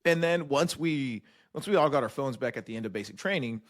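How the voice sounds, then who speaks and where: A man's voice: medium pitch, lively intonation, fairly quick. A man hosting a podcast, telling barracks stories animatedly and swearing freely. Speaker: podcast host. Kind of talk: casual conversation, storytelling.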